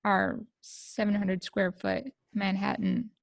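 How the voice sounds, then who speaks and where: Middle-aged American woman, podcast guest. Gravelly, flat delivery, emotional and halting, dry close sound. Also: mid-range voice, no echo. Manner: emotional, halting, many fillers and restarts. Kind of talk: personal storytelling.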